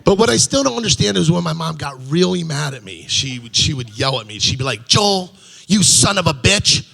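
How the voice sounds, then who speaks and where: A man's voice: fairly high pitch, lively intonation, quick pace, creaky, fairly bright tone. A middle-aged man doing a stand-up comedy set on a club stage, rambling loosely and chuckling at his own punchlines.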